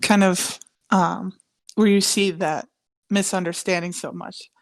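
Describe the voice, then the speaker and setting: A woman co-hosting a podcast in casual chat, talking slowly and hesitantly and chuckling often. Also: on the low side, flat delivery, dry recording. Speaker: podcast co-host.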